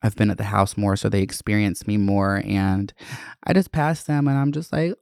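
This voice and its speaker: A man's voice: fairly low pitch, steady tone, normal speed, creaky, darkish tone, clear, resonant tone, no echo, clean studio sound. Candid, profane man in his twenties. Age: 20s. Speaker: vlogger. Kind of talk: candid personal vlog.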